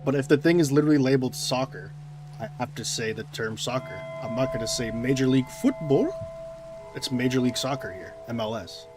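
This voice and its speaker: A man's voice: medium pitch, quick pace, over music. A man live-streaming a game, chatting casually with viewers in a sarcastic, mock-indignant way. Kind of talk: casual gameplay stream chat, answering viewers.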